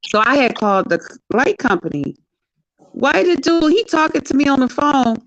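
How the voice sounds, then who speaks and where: A woman guest in a casual chat, telling a story in an animated, expressive way. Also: high voice, normal speed, no room sound. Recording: dull lo-fi sound.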